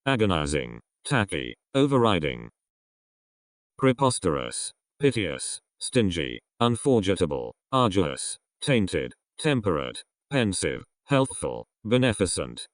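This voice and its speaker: Deep-voiced man slowly reading a word list. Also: no echo, clean studio sound. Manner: slow, measured reading of single words with falling ends. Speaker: vocabulary reader. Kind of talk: word list read aloud.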